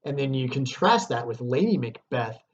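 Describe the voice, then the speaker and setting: A man's voice: mid-range voice, expressive, moderate pace, highs cut off. A man teaching a lesson, explaining a play in a casual way with fillers and check-ins.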